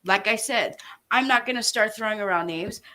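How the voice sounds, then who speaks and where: A woman's voice: mid-range voice, normal speed, bright, forceful tone. A woman delivering an angry, profane rant straight to her viewers, making threats and hammering her points with emphasis. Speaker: online commentator. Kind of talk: angry direct-to-camera rant.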